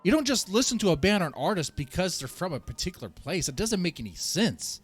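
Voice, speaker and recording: A man streaming a video reaction, ranting and swearing in a heated, animated way and laughing at himself. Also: high-pitched, fast, breathy edge, faint music behind.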